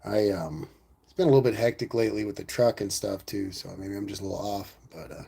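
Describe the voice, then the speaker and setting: A man's voice: on the low side, fast, gravelly, warm tone, husky. A man hosting a casual livestream, reading viewer comments aloud and answering in a laid-back, rambling way. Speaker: livestream host reading chat.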